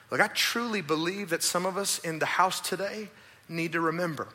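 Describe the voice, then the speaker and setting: Animated high-voiced male pastor. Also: moderate pace. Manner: animated, acts out voices and asides. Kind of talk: sermon. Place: church service.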